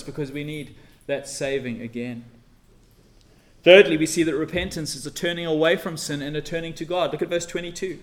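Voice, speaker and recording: Earnest preacher, rising to loud emphasis. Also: male voice, on the high side, a little fast. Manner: earnest, swells loud on key phrases, drops soft for emphasis. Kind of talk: sermon.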